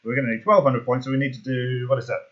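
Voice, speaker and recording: A man explaining game strategy in a casual walkthrough, excitable and jokey, thinking aloud as he works out numbers. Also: mid-range voice, quick pace, lo-fi sound. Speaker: gaming YouTuber.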